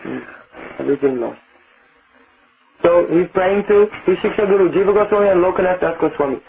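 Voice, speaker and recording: A man's voice: high-pitched, a little fast, gravelly, highs cut off, slight background noise. A man teaching in a devotional lecture, explaining step by step and often checking in with his listeners. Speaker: spiritual teacher.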